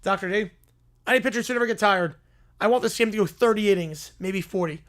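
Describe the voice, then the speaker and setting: A man voicing a bossy, scheming female sports commissioner who gives commands in a low, flat voice. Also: quick pace.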